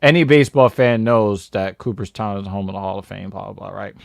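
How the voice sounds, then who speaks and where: A man's voice: lowish voice, steady tone, fast, gravelly, dry recording, studio quality. A man co-hosting a casual podcast, telling a brash, boastful story and often laughing. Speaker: podcast co-host.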